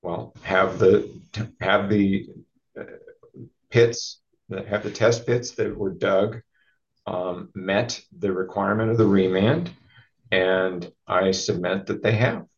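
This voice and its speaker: A very deep-voiced man speaks slowly as he argues his point at a hearing. He stops and restarts often, and the sound is dull and lo-fi. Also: fairly even intonation. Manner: halting, many fillers and restarts. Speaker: party at a land-use hearing. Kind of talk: legal argument at a hearing. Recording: dull lo-fi recording.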